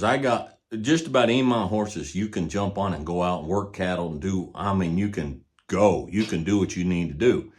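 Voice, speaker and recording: An older man and horse trainer talking casually in a folksy, storytelling way, often sinking to a low murmur. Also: animated, moderate pace. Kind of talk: casual teaching talk.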